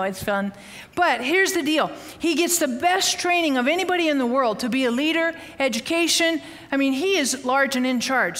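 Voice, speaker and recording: A woman teaching a Bible lesson, telling the story with lively, animated acting-out of the quotes. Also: high voice, big-room sound. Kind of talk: teaching sermon. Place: outdoors, windy.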